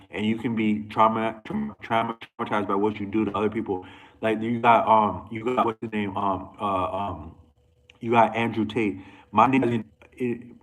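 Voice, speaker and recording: Guy with a lowish voice rambling on camera, lots of restarts and tangents. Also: poor audio. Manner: rambling, frequent restarts and asides. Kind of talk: casual monologue.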